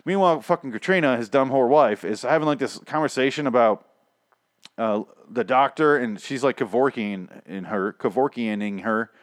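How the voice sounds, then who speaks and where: Brief: man, casual profane recapper, sarcastic and rambling, mid pitch, dry close sound. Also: normal speed, no echo. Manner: sarcastic, rambling, heavy swearing. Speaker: show reviewer.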